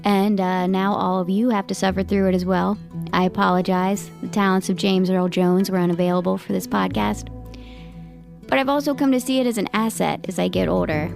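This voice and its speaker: Dry monotone woman hosting a podcast. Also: a little fast, gravelly, over music. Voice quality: low monotone voice. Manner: dry self-deprecating humor. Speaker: podcast host. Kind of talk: scripted podcast introduction.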